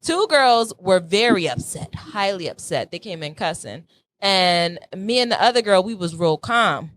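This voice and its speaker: A woman's voice: mid-range voice, lively intonation, a little slow, a bit bright. Frank woman telling podcast anecdotes. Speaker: podcast co-host. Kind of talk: casual chat.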